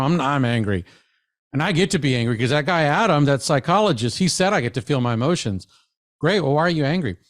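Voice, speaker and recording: A man, a psychologist with a slightly high voice, gives teachers a lively, conversational professional development talk. He frequently acts out the voices of people he quotes.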